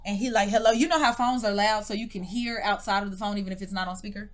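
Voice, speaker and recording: A woman's voice: medium pitch, quick pace. A woman co-hosting a podcast, telling a story in casual, profane chat and acting out the people's voices. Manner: animated, profane, acts out voices in her stories; laughs hard, drops to whispers. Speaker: podcast co-host.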